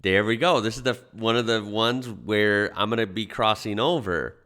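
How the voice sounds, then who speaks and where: A young man from the United States talks through a reaction video in a relaxed, chatty way, dropping "uh" often. His voice sits very low yet sounds bright and forceful. It comes through smooth and resonant. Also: normal speed. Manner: easygoing, chatty, many fillers. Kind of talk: casual reaction commentary.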